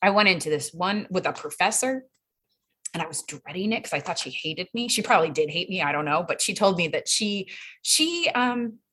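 A woman in her thirties sharing her recovery story in a chatty, animated way, full of fillers and acted-out quotes. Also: lowish voice, fairly quick, breathy edge. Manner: chatty and animated, quotes others in raised voices, frequent fillers. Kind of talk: casual personal storytelling.

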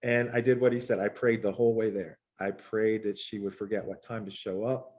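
Animated man telling a personal story. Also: a little fast. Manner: animated storyteller, jumps into high voices for quoted people. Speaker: speaker sharing at a recovery meeting. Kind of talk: personal recovery story told to a group.

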